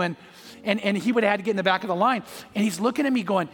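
High-voiced male pastor preaching. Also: fast, a bit bright, husky, big-room sound, soft background music. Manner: storytelling, acts out voices in anecdotes. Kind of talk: sermon.

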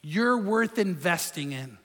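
A man's voice: sits high, animated, slow, a bit bright, long reverb tail. A man preaching a sermon in a conversational, emphatic way, asking his listeners rhetorical questions. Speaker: pastor.

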